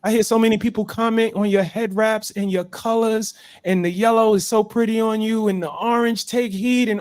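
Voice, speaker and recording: A man's voice: sits high, steady tone, moderate pace, hardly any pauses, a little mellow, clean tone, no echo. A man holds forth to his viewers. He preaches with emphasis and repeats phrases for effect. The sound is dry and close. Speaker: show host. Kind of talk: motivational chat on a live stream.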